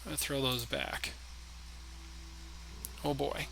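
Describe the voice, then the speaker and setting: Bright-voiced man streaming a card game. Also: medium pitch, level tone, slow pace, gravelly, a little hiss or hum. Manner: thinks aloud, chatty, talks to opponent and chat. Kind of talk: live game commentary.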